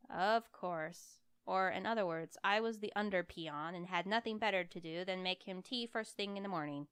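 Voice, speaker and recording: Woman reading fiction in a low smooth voice. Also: moderate pace, hardly any pauses, a bit bright, dry recording. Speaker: audiobook reader. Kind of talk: first-person fiction reading.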